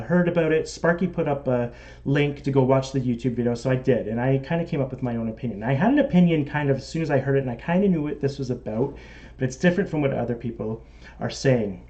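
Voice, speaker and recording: A man's voice: medium pitch, a little mellow. A man with a Canadian accent hosting a casual live stream, chatting and reading out viewer comments. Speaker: model railroad live-stream host.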